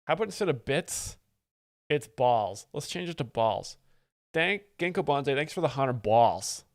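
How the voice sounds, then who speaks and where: A man's voice: medium pitch, lively intonation, measured pace, no echo. A man chats over a stand-up clip on a live stream, wry and rambling as he explains the jokes. His voice sits in the middle range and sounds dry and close to the mic, with no room around it. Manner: wry, rambling, reads donations aloud. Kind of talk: casual live-stream commentary.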